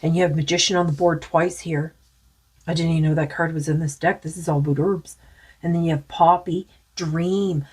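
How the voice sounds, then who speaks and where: A woman's voice: sits low, steady tone, moderate pace, a little mellow, breathy edge. A woman doing a spiritual tarot card reading in a rambling, musing way with many fillers, saying she is losing her voice.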